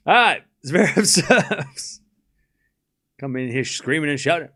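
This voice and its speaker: A man's voice: a little high, animated, slow pace, sharp tone. A man hosting a live tennis watchalong stream, calling the score and shots in a casual play-by-play while chatting with viewers and thanking supporters. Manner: playfully scolds chat.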